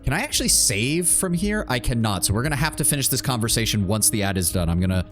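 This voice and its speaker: A man's voice: mid-range voice, very animated, fast talker, a bit bright. Man, game streamer, casual joking commentary, swears a lot, faint background music. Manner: casual, swearing, jokey, reads options aloud. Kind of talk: gameplay commentary.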